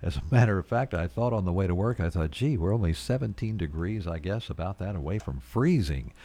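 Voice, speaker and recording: Male morning radio host, low lively voice, relaxed and rambling. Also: brisk, dry recording. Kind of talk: casual radio announcing.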